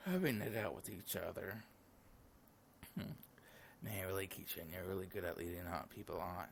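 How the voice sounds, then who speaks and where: Gravelly low-voiced man reading a game. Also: moderate pace, a little hiss or hum. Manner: reads every character's lines in his own voice, with casual asides. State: sleepy, yawning. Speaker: gaming channel host. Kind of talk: reading a visual novel aloud.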